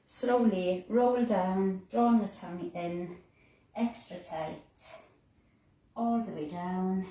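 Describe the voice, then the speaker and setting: A woman guides a Pilates class at an unhurried pace, her voice pitched a little low. She is some way from the mic in a roomy space in a house, with faint background noise. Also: distant mic. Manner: calm, slow cueing of breaths with fillers. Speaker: fitness instructor. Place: room in a house.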